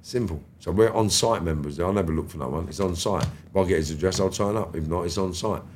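A middle-aged man, telling animated stories as a podcast guest and swearing freely. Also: low-pitched, fairly quick, a little hiss or hum. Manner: animated, swears freely, acts out quoted dialogue. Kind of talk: storytelling interview chat.

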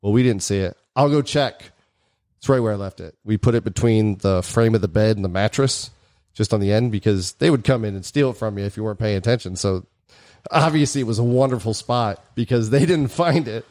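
A man and former army bomb technician casually telling stories, acting out the people he quotes. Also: fairly quick. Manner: animated, acts out quoted voices with big pitch jumps. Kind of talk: casual storytelling chat.

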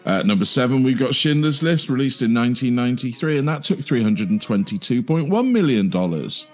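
Lively man reading a chart list. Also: mid-range voice, music in the background. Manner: lively, quick to laugh. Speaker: podcast co-host.

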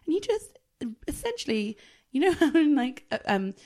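A woman's voice: high-pitched, sing-song, moderate pace, darkish tone. A woman hosting a podcast, chatting casually and laughing as she tells opinionated stories. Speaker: podcast host. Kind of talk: casual chat.

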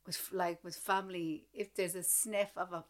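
A woman's voice: lowish voice, fairly even intonation, moderate pace. A woman in her thirties co-hosting a podcast, talking casually and animatedly, swearing freely and acting out quoted exchanges. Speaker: podcast co-host. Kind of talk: casual chat.

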